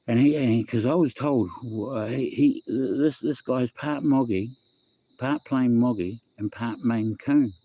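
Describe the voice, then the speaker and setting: A middle-aged New Zealand man hosts a loose phone livestream, reading viewers' comments aloud, rambling, repeating himself and dropping "bro" and "eh." His voice sits at medium pitch with a dark tone, and he speaks in an unhurried way.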